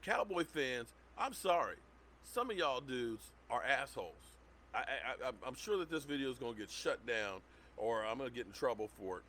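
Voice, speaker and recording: A man's voice: mid-range voice, animated, moderate pace, bright, forceful tone, slight background noise. Worked-up man ranting on a livestream. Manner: worked-up, repeats himself. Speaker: sports livestream host. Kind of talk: heated rant.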